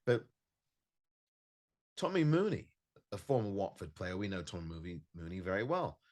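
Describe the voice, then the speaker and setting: A man with a low voice hosts his own football podcast from home. He sounds frustrated and emphatic, hammering points by repeating them. His pitch rises and falls widely as he talks. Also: very animated, normal speed, a little mellow. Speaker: podcast host. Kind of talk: solo podcast match review. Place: home recording in California.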